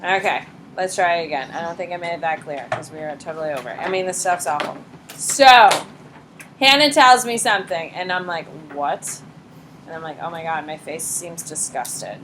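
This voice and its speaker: A woman teaching a high school psychology class, blunt and lively, acting out examples in quoted voices. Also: a little fast, background noise. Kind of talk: classroom lecture.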